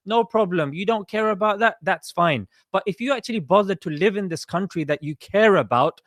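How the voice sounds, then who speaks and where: A man's voice: high-pitched, fairly quick, hardly any pauses, a bit bright, dry recording, clean studio sound. A young man in a heated live audio debate who rattles off statistics and keeps saying "mate". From Britain.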